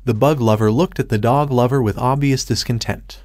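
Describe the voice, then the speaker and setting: A man reading a story aloud at a steady, even pace. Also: medium pitch, normal speed, no echo, clean studio sound. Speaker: fan fiction reader.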